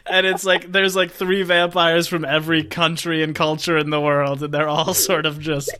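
A man's voice: a little high, flat delivery, normal speed, bright, forceful tone, a little hiss or hum. A man chatting about a movie on a podcast, wry and joking, laughing often. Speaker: podcast co-host. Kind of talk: casual movie chat.

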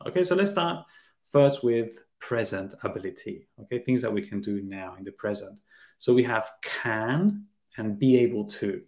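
A man's voice: lowish voice, expressive, moderate pace, darkish tone. Roomy-sounding man teaching English. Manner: laughs easily, explains with examples. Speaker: podcast host, English teacher. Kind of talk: casual teaching chat. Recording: roomy echo.

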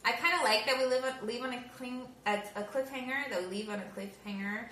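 A woman's voice: fairly high pitch, fast, sharp tone. A woman co-hosting a podcast, animatedly retelling a film plot in casual chat with frequent giggles. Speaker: podcast co-host. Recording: roomy echo with faint background noise.

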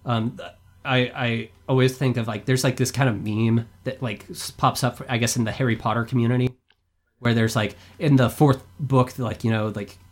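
A young adult man, a podcast guest, talking in a rambling, animated way full of filler words. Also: mid-range voice, normal speed. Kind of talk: casual discussion.

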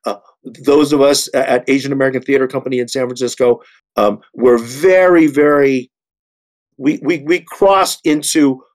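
A man's voice: medium pitch, steady tone, moderate pace. A man in his sixties, an actor on a panel, speaking earnestly with many restarts and repeated words. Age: 60s. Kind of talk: panel discussion.

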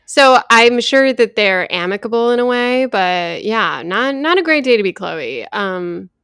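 A woman's voice: fairly high pitch, animated, measured pace, fairly bright tone, clean tone, dry recording, studio quality. A woman co-hosting a casual pop culture chat, talking loosely with many fillers. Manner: chatty, lots of "like" fillers. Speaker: podcast co-host.

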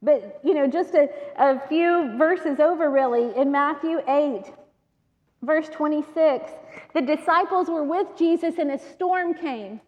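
A woman's voice: sits high, unhurried. A woman preacher, reading scripture and talking to her listeners in a chatty, emphatic way, laughing often. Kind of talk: sermon with Bible reading. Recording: long reverb, dull sound.

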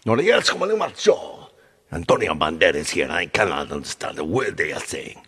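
A man's voice: sits low, huge pitch swings, fairly quick, fairly bright tone, husky, big-room sound, heavily acted. A man doing an impression of a suave movie star. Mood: theatrical. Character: impression of a Spanish movie star on a phone line.

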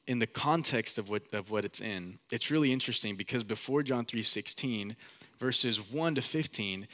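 A young man preaching a sermon as the pastor, in a casual, animated way, acting out quotes. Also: mid-range voice.

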